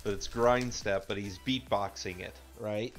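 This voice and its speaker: Low-voiced man telling a halting story. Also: steady tone, soft background music. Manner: halting, many ums, storytelling. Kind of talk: casual livestream chat.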